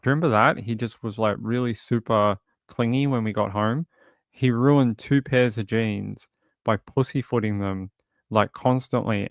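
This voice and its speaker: Soft-spoken Australian man with a low voice. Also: no room sound, studio quality. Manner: soft, chatty and rambling, coos at his cat. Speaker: true crime streamer. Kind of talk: casual chat during a livestream. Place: home, indoors. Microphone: desk microphone.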